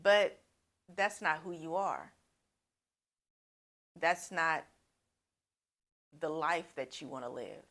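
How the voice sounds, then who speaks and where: A woman's voice: sits low, expressive, slow, pauses often, a bit bright. A woman life coach giving earnest, encouraging advice straight to her viewers. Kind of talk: advice talk to camera.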